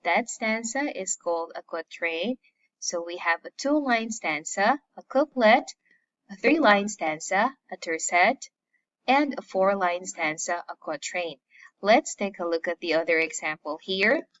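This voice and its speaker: A woman teaching a recorded lesson. She speaks deliberately and stresses each term in a list. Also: medium pitch, lively intonation, a bit bright, a little hiss or hum. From Philippines. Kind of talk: recorded classroom lecture. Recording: slightly muffled lo-fi audio.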